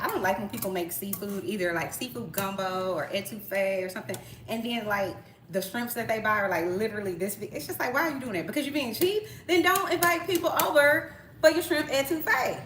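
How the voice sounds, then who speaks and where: A woman in her thirties talks her viewers through a dish on a home cooking stream, breezy and slangy and full of asides. Her pitch swings widely as she goes. The tablet on the counter catches a roomy, echoey kitchen with pans and utensils clattering behind her. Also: expressive, brisk, a bit bright, slight background noise. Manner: chatty, slangy, full of asides and rhetorical questions. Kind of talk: casual cooking live stream. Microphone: tablet propped on the counter. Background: clatter of pots, utensils and stirring.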